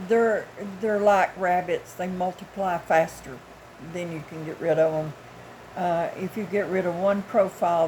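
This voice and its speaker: A woman's voice: fairly low pitch, darkish tone, a little hiss or hum, low-quality recording. A woman in her sixties from the United States, telling a story in a casual, blunt, folksy way with occasional chuckles. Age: 60s. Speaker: vlogger.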